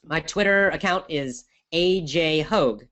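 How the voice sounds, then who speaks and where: A middle-aged man, an English teacher, answers listener questions on his podcast in an energetic, emphatic, conversational way. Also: on the high side, slow pace.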